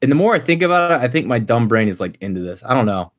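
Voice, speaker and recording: A man's voice: medium pitch, sing-song, fast. A man co-hosting a movie podcast, joking and mocking himself in casual chat. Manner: jokey, self-mocking. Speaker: podcast co-host.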